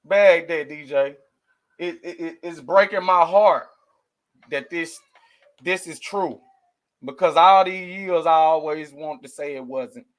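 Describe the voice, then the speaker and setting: A man's voice: on the high side, takes it slowly. A man doing casual news commentary for his viewers, rambling and emotional as he talks straight to the audience. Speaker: commentary vlogger.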